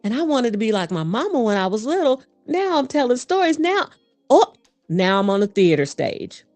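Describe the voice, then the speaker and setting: A woman guest, a voice coach and performer, speaking in an animated, fast storytelling manner in a casual interview. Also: mid-range voice, dry recording, soft background music.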